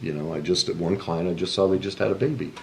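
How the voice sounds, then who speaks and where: A man's voice: deep voice, fast, a little hiss or hum. A man speaking as a relationship coach in a podcast interview, explaining things in an earnest, emphatic way.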